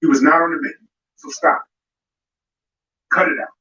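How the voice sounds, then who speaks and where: A man hosting a live boxing program speaks at a moderate pace in a fairly high voice that comes across pushed and bright. He rants at a fighter directly and confrontationally, over music, in a room-heavy, distant, dull recording.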